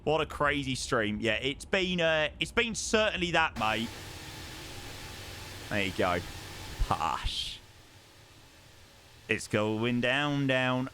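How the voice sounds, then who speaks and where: A man's voice: medium pitch, expressive, slow pace, long pauses, bright, forceful tone, slight background noise. A young man, chatting casually with viewers on a live stream and thanking them by name.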